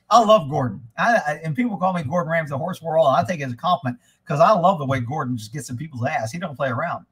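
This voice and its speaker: A man hosting a casual live stream, rambling and swearing freely, getting animated when he retells a story. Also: fairly high pitch, fast, few pauses, husky. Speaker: livestream host. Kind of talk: casual livestream chat.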